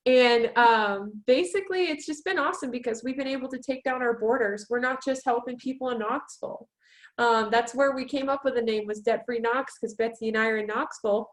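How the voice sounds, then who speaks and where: A woman's voice: fairly high pitch, a little fast, low-quality recording. A woman co-hosting a webinar from her home over a video call, talking with chatty enthusiasm. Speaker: webinar co-host. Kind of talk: casual presentation.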